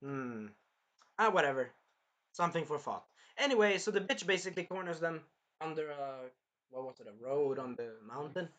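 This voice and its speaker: A man casually reviewing an anime episode, animated and swearing freely as he acts out the characters' lines. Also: fairly high pitch, normal speed.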